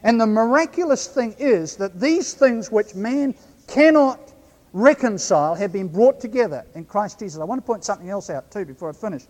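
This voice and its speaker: A man's voice: high voice, expressive, a little mellow. New Zealand man preaching in echoing hall. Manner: measured, slows right down for emphasis. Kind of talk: sermon.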